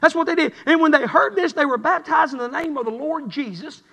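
A man's voice: very high-pitched, brisk, gravelly, sharp tone. A man preaching a revival sermon in church, with a rhythmic, building cadence. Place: church sanctuary. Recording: long hall reverb.

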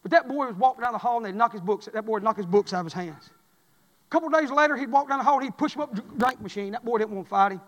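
A man preaching a sermon, telling folksy stories and swinging from loud cries to low murmurs. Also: racing, long reverb tail.

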